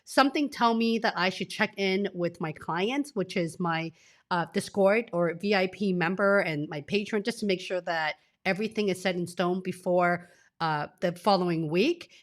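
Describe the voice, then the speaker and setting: With a lowish voice at a moderate pace, a woman in her forties, a career coach, hosts a live stream from her home office using a desk microphone. Feeling unwell, she sniffles and is nearly crying as she pours out emotion straight to her audience.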